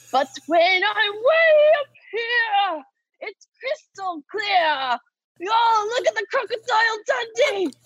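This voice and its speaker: A woman's voice: very high-pitched, pushed and bright, no room sound, heavily acted, poor audio. A woman playing a young man who sings theatrically in a put-on Australian accent. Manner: theatrical, belting with laughs.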